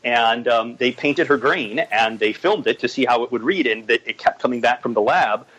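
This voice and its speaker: A man guest, a director and writer, talking casually on a podcast with many pauses and fillers. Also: mid-range voice, a bit bright, husky, low-quality recording. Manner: hesitant, many fillers, chuckles at his own stories.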